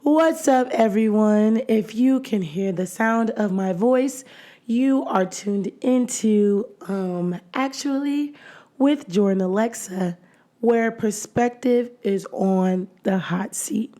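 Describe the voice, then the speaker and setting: A woman hosting her own podcast in a casual solo chat, her voice hoarse and nearly gone, chatty and often laughing between phrases. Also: mid-range voice, takes it slowly, mellow. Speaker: podcast host.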